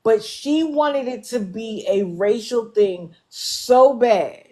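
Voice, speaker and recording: A woman's voice: on the high side, takes it slowly, dark tone. A woman hosting a live stream, talking bluntly and with exasperation to her viewers. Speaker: livestream host. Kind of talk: casual commentary. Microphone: live stream setup.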